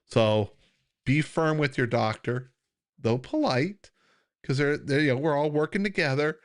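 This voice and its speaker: A man's voice: on the high side, a little slow. A middle-aged American man hosting a live Q&A stream as a health coach, talking earnestly in a loose, conversational way with many fillers and restarts, and struggling to hold back emotion. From United States. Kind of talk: casual live-stream chat.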